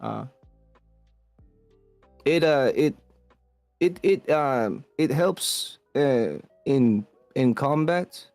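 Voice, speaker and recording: A man voicing a chain-smoking thirteen-year-old cyborg boy with a French accent, talking haltingly with many fillers. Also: medium pitch, animated, darkish tone, no room sound, soft background music. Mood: hesitant. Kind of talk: improvised comedy role-play.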